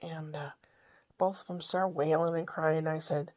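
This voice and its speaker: A woman's voice: sits low, fairly even intonation, unhurried, darkish tone. An older woman, a grandmother, telling family stories in a rambling, homey way. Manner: rambling, homey, with small restarts. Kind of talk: casual storytelling monologue.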